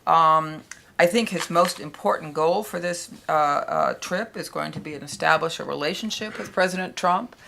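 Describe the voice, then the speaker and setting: A woman's voice: deep voice, moderate pace, vocal fry, a bit bright, a little hiss or hum. A woman giving remarks on a policy panel, speaking with many hesitations and fillers.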